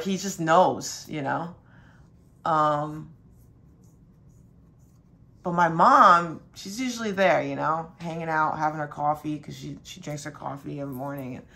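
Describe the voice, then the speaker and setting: A young woman, a spiritual reader, telling a rambling casual story full of fillers and mild cursing. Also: fairly bright tone. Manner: quotes her dad in a higher voice.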